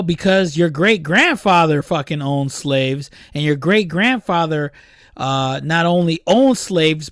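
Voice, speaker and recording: A man co-hosting a casual podcast, profane and quick to laugh. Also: a little high, dry recording, studio quality. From Chicago. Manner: laughs often, profane, animated. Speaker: podcast co-host.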